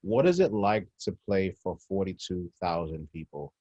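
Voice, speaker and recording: Deep-voiced male interviewer on a lo-fi mic. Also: very animated, moderate pace, dark tone. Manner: brief encouraging interjections. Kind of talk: casual interview chat. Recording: dull, lo-fi sound.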